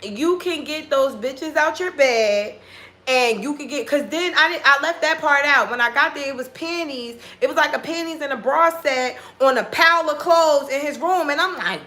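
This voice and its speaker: A woman telling a dating story in a casual vlog, blunt and profane, acting out both sides of the conversation. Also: high voice. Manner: blunt, profane, animated retelling with quoted dialogue.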